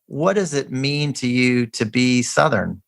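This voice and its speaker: A man hosting a podcast, asking questions politely and reading the closing credits in a measured announcer style. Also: medium pitch, creaky. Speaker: podcast host. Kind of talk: interview hosting and scripted outro. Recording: guitar music under the voice. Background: guitar music.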